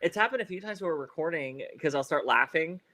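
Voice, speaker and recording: A man's voice: on the high side, expressive, fast talker, bright, forceful tone, no echo. Man, podcast co-host, casual chat, rambling with fillers and laughs, slight stutter, dry close mic. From Ohio. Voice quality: occasional stutter. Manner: rambling, many fillers and restarts, laughs often.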